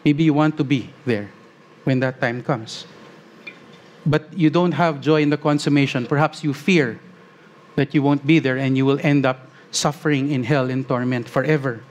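A man preaching a sermon as pastor, earnest, slowing on key phrases and rising as he reads scripture aloud. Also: medium pitch, fairly even intonation.

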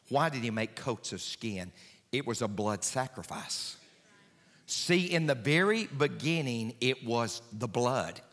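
A man preaching a sermon as pastor in a church, swinging between hushed, low passages and high, intense climbs. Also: big-room sound. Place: church sanctuary.

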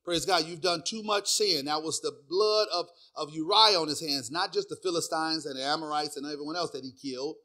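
A middle-aged male pastor preaching a sermon, filling it with "praise God" and "hear me," swinging between hushed asides and loud sung preaching. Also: fairly high pitch, a little fast, few pauses.

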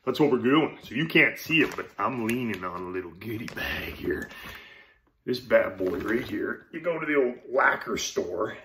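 A man's voice: lowish voice, expressive, moderate pace, pushed and bright, a little hiss or hum. A man, chatting loosely to camera at home in his apartment, joking and swearing as he reviews beer. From Canada. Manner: loose, profane, joking asides. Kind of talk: casual rambling chat to camera.

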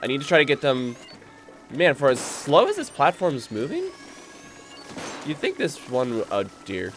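A man commentating his own gameplay on a live stream, excitable and rambling, easily spooked by the game, with game music behind him. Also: mid-range voice, moderate pace. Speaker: gaming streamer.

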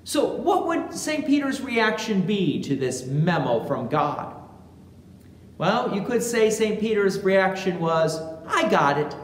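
A pastor preaching a sermon in a church, speaking slowly and deliberately and acting out quotations with animation. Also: medium pitch. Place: large church sanctuary. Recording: echoey church hall with long reverb, faint ambience.

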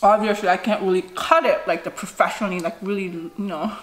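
A woman's voice: medium pitch, steady tone, a little fast. A woman in her thirties, a mukbang vlogger chatting casually while eating and giving frank advice. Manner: chatty, gives frank advice, says "you know" often. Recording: echoey room with faint noise.

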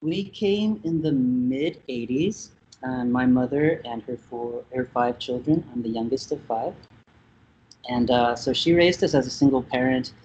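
A man's voice: medium pitch, a little slow, darkish tone, slight background noise. Thoughtful Vietnamese-born man, dull remote audio. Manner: thoughtful, hesitant with many fillers. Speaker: musician guest. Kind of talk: casual interview talk.

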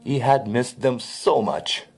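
A man reading a classic fairy tale aloud in an expressive storybook narration. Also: medium pitch, slow, creaky, slightly rough, faint music behind.

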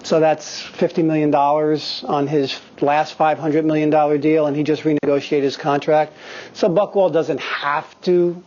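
A man in his fifties talks to acting students in a studio, swearing freely and telling lively, unfiltered stories. His voice sits a little high for a man. The recording is slightly dull and lo-fi. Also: normal speed. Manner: profane, animated storyteller. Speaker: guest actor speaking to acting students. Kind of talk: candid anecdotal talk.

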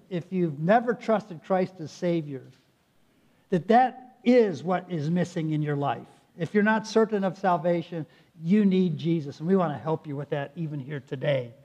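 A man with a fairly high voice preaches a sermon from the pulpit. As pastor he speaks earnestly, with direct, personal appeals to the people in front of him. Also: darkish tone, lo-fi sound. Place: church sanctuary.

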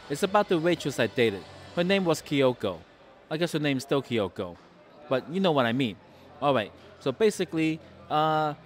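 A man hosting a casual food vlog in a sports bar restaurant, chatting and rambling through anecdotes. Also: on the high side. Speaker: food and travel vlogger.

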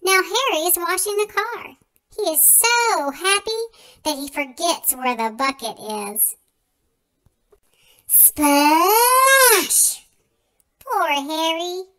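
High, bright, sing-song story reader woman. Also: poor audio. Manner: slow, expressive, sing-song. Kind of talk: reading a picture book aloud.

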